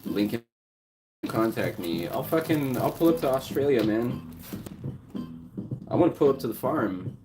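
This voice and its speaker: A man's voice: mid-range voice, lively intonation, measured pace, long pauses, music in the background. A man livestreaming, chatting loosely and profanely with his viewers, laughing often. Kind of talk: casual livestream chat.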